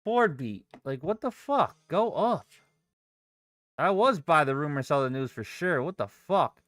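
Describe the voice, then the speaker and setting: Young male day-trader ranting on a live stream, swearing freely, voice swinging up and down, unhurried, recorded dry and close. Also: on the high side, lively intonation, a bit bright, no echo. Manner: profane, exasperated outbursts.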